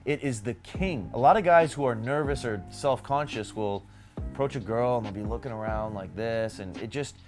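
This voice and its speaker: A man's voice: medium pitch, normal speed, a little mellow. A young man talks straight to camera, giving dating tips in an emphatic coaching voice and calling his viewers guys. He sits in a middle register with an everyday tone. Faint music plays under him. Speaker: dating advice youtuber. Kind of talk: direct-to-camera advice vlog.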